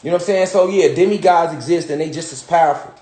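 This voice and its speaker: A man's voice: on the high side, quick pace, dark tone. A man teaching a casual, rambling lesson from home, profane and full of repeated "you know what I'm saying.". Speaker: spiritual teacher. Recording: roomy echo.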